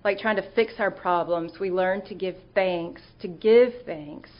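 A woman's voice: fairly low pitch, measured pace, lo-fi sound. Earnest woman giving a conversational talk. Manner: earnest, storytelling, with fillers and restarts.

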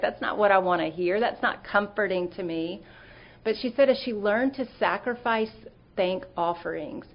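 A woman's voice: lowish voice, muffled recording. A middle-aged woman giving an earnest, conversational sermon talk, telling stories with fillers and restarts.

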